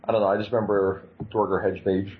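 A man co-hosting a podcast in casual chat, lively and given to quick mock voices. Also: on the low side. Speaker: podcast co-host. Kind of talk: casual chat about card games. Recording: slightly dull lo-fi audio.

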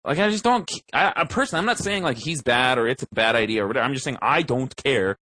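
Young male co-host, lively swooping pitch, dry close sound, foul-mouthed rants. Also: fast, no echo. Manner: animated, profane ranting with laughs. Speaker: podcast co-host. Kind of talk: casual podcast chat.

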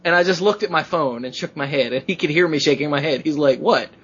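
A man hosting a podcast, chatting casually and telling excited stories in which he acts out quotes in a rising voice. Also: on the high side, fast, muffled recording, background noise. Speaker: podcast host.

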